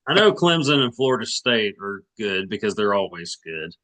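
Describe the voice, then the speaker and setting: A man's voice: fairly low pitch, big pitch swings, moderate pace, fairly bright tone. A man of around forty from Arkansas, co-hosting a sports podcast in casual chat, rambling with many restarts and hedges.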